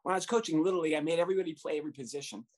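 Speaking rapid-fire in a fairly high voice, a man shares a humorous anecdote about coaching youth baseball. He is lively throughout, laughs as he talks, and performs the voices of the characters.

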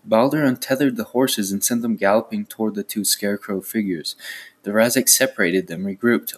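Low voiced guy reading a book out loud, plain, stumbles a bit. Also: slightly rough. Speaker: reader. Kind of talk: reading a novel aloud.

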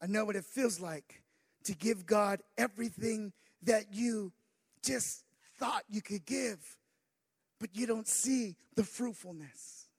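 A male pastor with a very high voice delivers a sermon. He swings between low asides and shouted, sing-song stretches, dropping "uh" between phrases. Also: slow, creaky, breathy edge. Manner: builds from quiet asides to shouted, sing-song preaching with many "uh" fillers.

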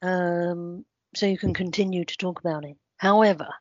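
A deadpan woman co-hosting a relaxed chat, her fairly low voice dry and slightly muffled. She spins absurd jokes without cracking. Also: moderate pace, no room sound. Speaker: podcast co-host. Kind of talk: casual chat. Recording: dry, slightly dull sound.

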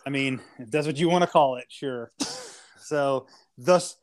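A man's voice: mid-range voice, measured pace. A man co-hosting a casual podcast, ranting and joking with lots of swearing and mock insults. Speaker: podcast co-host.

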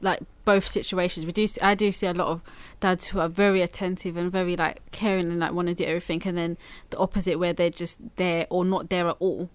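A woman's voice: lowish voice, flat delivery, fast talker, hardly any pauses, clear, resonant tone, no room sound. A young woman, a midwife, talking casually and earnestly in an explaining way. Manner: earnest, explaining, many fillers. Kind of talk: casual chat.

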